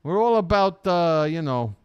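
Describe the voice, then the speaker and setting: A man's voice: fairly high pitch, animated, unhurried, muffled recording, slight background noise. A man hosting a live stream, riffing sarcastically on a video with jokes and swearing. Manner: sarcastic, jokey, swears, does mocking voices. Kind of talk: casual riffing commentary.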